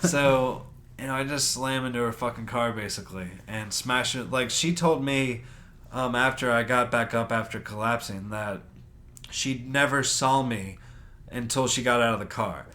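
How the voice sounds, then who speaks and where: A man's voice: mid-range voice, normal speed, bright, forceful tone. A man co-hosting a podcast, telling a story in a loose, profane way and acting out other people's lines. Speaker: podcast co-host. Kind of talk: casual storytelling.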